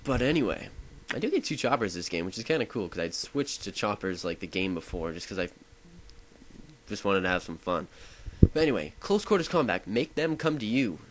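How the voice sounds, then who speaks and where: This young man has a low-pitched voice and sounds very animated, speaking a little fast over poor audio with a bit of hiss or hum. As a gaming video host, he rambles through commentary on his own play, eagerly breaking off and restarting his sentences.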